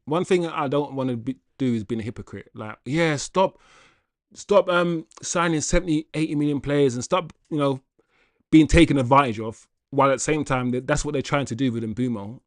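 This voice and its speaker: Male livestream host, casual and animated, addresses chat directly, dry sound. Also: mid-range voice, moderate pace, no room sound. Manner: animated and chatty, laughs often, addresses chat as guys. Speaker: football channel livestream host. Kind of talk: casual livestream chat reading viewer comments.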